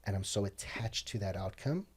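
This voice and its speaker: A man's voice: fairly low pitch, expressive, normal speed, breathy edge. A man talking as a podcast guest, telling blunt, profane stories in casual conversation. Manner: blunt, profane, heated storytelling.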